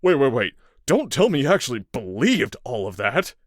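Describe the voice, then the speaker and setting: A man's voice: mid-range voice, big pitch swings, a little slow, dry recording, studio quality, pitched above the performer's own voice. A man voicing a crude, foul-mouthed captive who mocks and threatens his interrogator in an audiobook. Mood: nervous bluster. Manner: flippant and foul-mouthed, turning to snarling threats. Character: crude, mocking grown man tied to a chair. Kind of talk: audiobook character voice.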